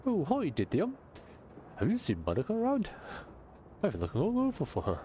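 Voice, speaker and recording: Guy putting on a nervous teen street kid, high voice, talks fast and worried, lively up and down. it's a game voice. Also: slight background noise. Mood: anxious. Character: young teen street kid boy, anxious.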